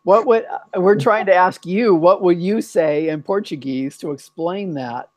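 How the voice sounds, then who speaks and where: A man's voice: high-pitched, unhurried, no echo. A man hosting a casual bilingual chat, rambling and thinking aloud as he talks. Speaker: host.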